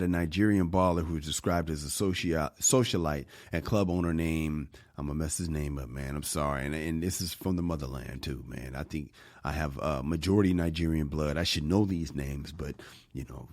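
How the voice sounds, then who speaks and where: A man's voice: extremely low pitch, brisk, darkish tone, dry recording, studio quality. A man co-hosting a podcast in casual chat, joking and teasing playfully. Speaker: podcast co-host.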